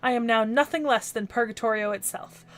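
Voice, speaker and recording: An actor playing a ruthless cursed warrior monk spirit in an anime dub, cold, boastful and mocking. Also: male voice, very high voice, brisk, fairly bright tone. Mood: menacing.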